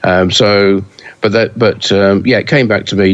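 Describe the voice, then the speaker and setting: A man with a very low voice co-hosts a casual pinball podcast. He talks hesitantly, full of fillers and false starts. The audio is dull and lo-fi. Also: fairly even intonation, normal speed. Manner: hesitant, many fillers and restarts. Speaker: pinball news podcast co-host.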